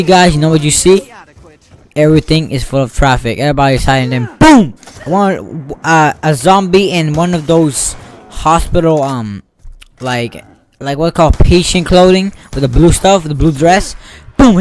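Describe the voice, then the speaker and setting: Brief: young-sounding male gaming YouTuber, casual and excitable, slightly high voice, faint background hiss. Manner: rambling, excitable, acts out sound effects. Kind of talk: casual storytelling over gameplay.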